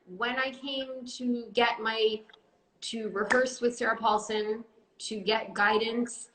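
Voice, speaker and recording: A woman in her forties, an actress, chatting playfully on a live phone stream and breaking into loud joking yells. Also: a little high, fairly even intonation, slow pace. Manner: giggly, playful, bursts into loud yelling bits. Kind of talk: casual chat on a live stream. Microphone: phone on a live video stream. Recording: roomy phone stream with faint hiss.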